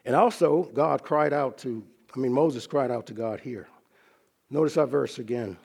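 A man preaching a sermon, teaching from scripture in a measured, earnest way and slowing down to stress key phrases. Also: mid-range voice, creaky, darkish tone, slightly rough.

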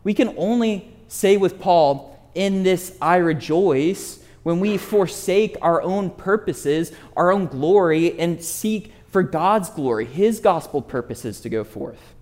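A man with a notably high voice preaching an expository sermon. He speaks earnestly, leans hard on key words and slows down to stress the verses he quotes, turning now and then to ask his listeners direct questions. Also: lively intonation, a little mellow.

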